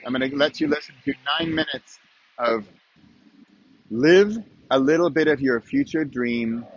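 A man's voice: medium pitch, a bit bright, dry recording. Chatty middle-aged man, dry dull sound. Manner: chatty, asks the listener questions. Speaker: podcast host. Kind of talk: casual solo podcast monologue.

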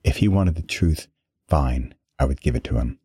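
Super deep dark husky guy reading a story, dry close sound. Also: expressive, no room sound. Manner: dramatic, measured storytelling. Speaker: narrator. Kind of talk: first-person story reading.

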